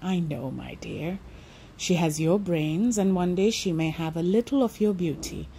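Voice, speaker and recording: Woman doing a gentle, amused vicar. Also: on the low side, unhurried, creaky, a little hiss or hum. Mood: fond.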